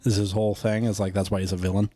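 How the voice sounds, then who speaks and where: Low-ish guy on a podcast just rambling through a movie plot, lots of you know, dry sound. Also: level tone, rapid-fire, dark tone, dry recording. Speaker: podcast co-host. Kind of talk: casual chat, retelling a film.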